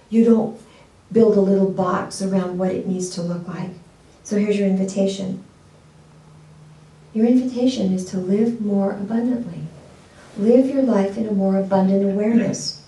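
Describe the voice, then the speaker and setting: A woman's voice: mid-range voice, steady tone, normal speed, mellow, reverberant, far from the mic, poor audio. A woman pastor giving a sermon in a conversational way, asking the congregation questions and telling a story.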